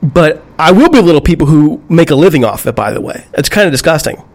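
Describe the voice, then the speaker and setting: A man's voice: on the high side, animated, fast talker. A man co-hosting a casual podcast, speaking thoughtfully with occasional stammered restarts. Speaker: podcast co-host. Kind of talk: casual chat.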